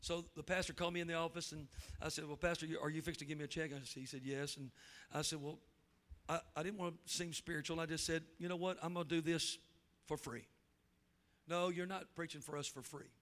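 A man's voice: a little high, quick pace. A traveling preacher, a man, telling a folksy story in a sermon and acting out the voices in it. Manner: folksy, animated storytelling with acted quotes.

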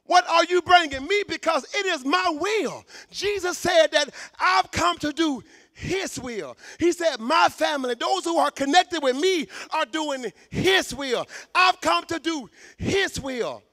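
A man preaching a sermon in a church, fervent, shouting for emphasis and stumbling over repeated words. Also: very high-pitched, lively intonation, slow, dry recording, studio quality.

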